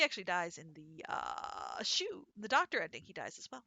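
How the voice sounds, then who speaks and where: A woman's voice: on the low side, huge pitch swings, normal speed, vocal fry, few pauses, bright, forceful tone, no room sound, muffled recording, soft background music. A woman streamer casually reading a visual novel aloud and commenting offhand.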